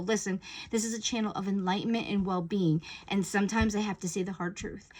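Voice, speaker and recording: A woman giving casual, blunt spiritual advice to her viewers in a chatty way, with many fillers. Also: mid-range voice. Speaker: spiritual message reader.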